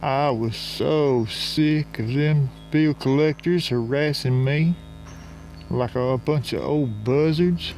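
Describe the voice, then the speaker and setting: A man narrating a comic story in folksy rural slang, drawling and unhurried. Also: medium pitch, a little mellow, soft background music.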